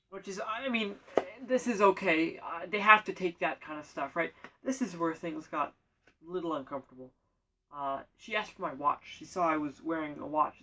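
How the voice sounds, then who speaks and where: A man spins a rambling comic monologue in a deadpan manner, tripping over his words and correcting himself. His voice sits fairly high for a man. He sounds distant from the microphone. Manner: deadpan, self-correcting, absurd asides. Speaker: storyteller.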